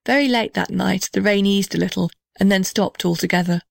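A woman reading a children's storybook aloud in an even, gentle way. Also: mid-range voice, fairly quick, gravelly, no room sound, clean studio sound.

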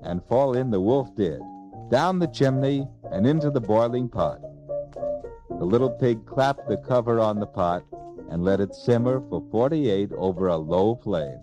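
Male storyteller, deadpan hipster jazz slang, lively pitch, music underneath. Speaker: narrator. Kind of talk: comic storytelling record.

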